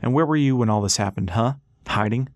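A man's voice: on the low side, fairly even intonation, brisk, no room sound, close to an everyday voice. A man reading an audiobook, voicing a bitter, hot-tempered one-eyed young fighter who sneers and mocks. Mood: scornful. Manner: sneering, mocking.

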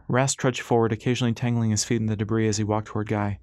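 A man narrating an audiobook chapter in a steady, even reading. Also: on the low side, fast, few pauses, dry recording, studio quality. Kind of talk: scripted narration.

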